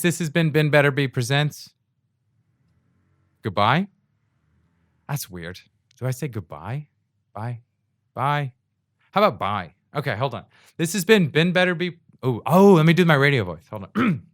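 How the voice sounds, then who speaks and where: A man's voice: lowish voice, dry recording, clean studio sound. A man hosting his own podcast in a rambling, self-deprecating comic monologue, laughing between phrases, recorded on a USB mic. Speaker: podcast host. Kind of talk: solo comedic monologue. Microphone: secondhand USB mic.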